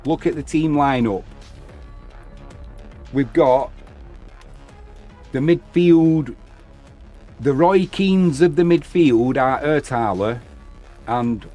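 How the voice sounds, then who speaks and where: A man's voice: medium pitch, slow pace, pauses often, warm tone. Casting: man, live football watch-along host, easygoing chat with viewers, faint music underneath. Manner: chatty, reads out viewer comments between plays.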